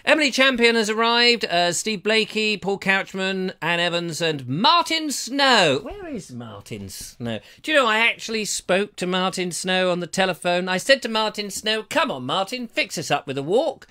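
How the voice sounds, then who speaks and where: English man, live show host, playful and theatrical, fairly high voice, very lively pitch. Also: normal speed, few pauses, clear, resonant tone. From England. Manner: theatrical, playful, swoops in pitch when reading names. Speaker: host reading live chat comments. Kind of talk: casual live-stream chat. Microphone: lapel mic.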